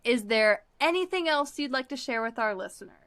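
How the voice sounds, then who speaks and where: Woman, podcast co-host, effusive, bright tone, high pitch. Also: lively intonation, fairly quick, dry recording. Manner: warm, effusive thanks. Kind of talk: casual chat.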